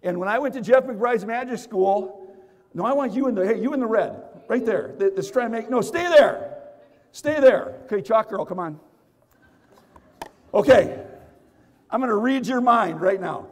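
High-voiced man teasing a seminar audience. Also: lively intonation, normal speed, pauses often. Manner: playful, teasing, call-and-response with the crowd. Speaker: motivational speaker and magician. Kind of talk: energetic seminar talk with audience participation. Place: large hall with audience. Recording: echoey hall reverb.

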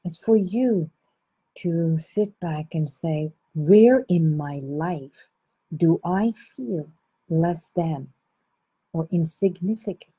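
A woman with a low, husky voice hosts a reflective self-help talk. She speaks slowly and gently, letting her words settle between soft pauses. The recording sounds dull and lo-fi. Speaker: host.

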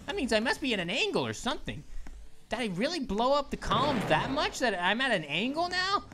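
A woman voicing an excitable, goofy cartoon grape who gives let's-play commentary as a gaming channel host. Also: fairly high pitch, fairly quick, background noise. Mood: excited. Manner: excitable, exclaims and laughs, cartoonish.

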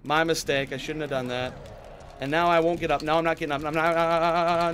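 Frantic man shouting through a game. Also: on the high side, little pitch movement, brisk, a little hiss or hum. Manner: frantic pleading and swearing at the game. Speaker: gaming YouTuber. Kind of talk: let's play commentary.

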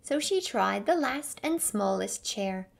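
A woman reading a fairy tale aloud slowly and carefully for English learners. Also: medium pitch, expressive. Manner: clear, careful storybook reading. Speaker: English teacher reading a story.

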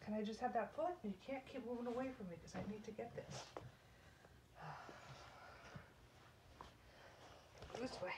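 At home, a dog owner soothes and pleads with her nervous dog as she trims its nails, sometimes scolding it sternly. Her voice is fairly high and quick, with few pauses, over very heavy noise.

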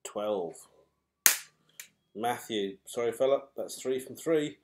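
A man hosts a raffle draw, calling numbers and names with a chatty, teasing, unhurried manner. His voice sits at an ordinary middle pitch. Loud clicking of raffle balls is heard clearly behind him. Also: heavy background noise. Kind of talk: live raffle draw commentary.

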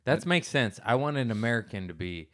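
A man's voice: mid-range voice, animated, brisk, fairly bright tone. A man hosting a podcast, chatting casually and joking, laughing often. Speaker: podcast host. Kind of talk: casual chat.

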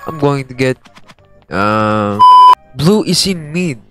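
A man hosting a gaming channel, giving excitable gameplay commentary and repeating playful taunts at other players. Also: medium pitch, slow, over loud music.

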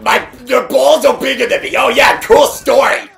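A man's voice: fairly even intonation, moderate pace, fairly bright tone, shouting, slight background noise, heavily acted. A young man putting on a smug nerd gamer voice, taunting players in online game chat. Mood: mocking. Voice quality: high gravelly strained voice. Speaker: prank caller in online game.

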